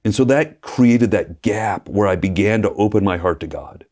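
A man, a preacher and guest, telling his faith story in a lively way, acting out quotes and laughing often. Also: fairly low pitch, moderate pace. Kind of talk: personal testimony in conversation.

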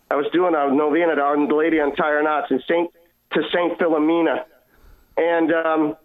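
A man earnestly telling a personal faith story as a caller, heard over a phone line. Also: on the high side. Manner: earnest, emotional retelling with quoted dialogue. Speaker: caller sharing testimony. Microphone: phone call.

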